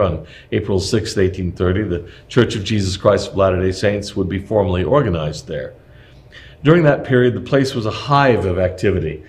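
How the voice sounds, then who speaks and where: Male narrator, lowish register, steady measured read of a nonfiction history text.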